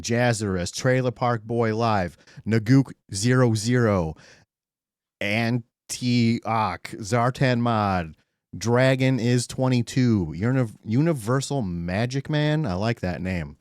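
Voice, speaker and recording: An excitable man hosting a live stream, talking fast and loose with his viewers and swearing freely. His voice sits a little low for a man. He greets people by name as he goes. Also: dry recording, studio quality. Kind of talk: casual live-stream chat.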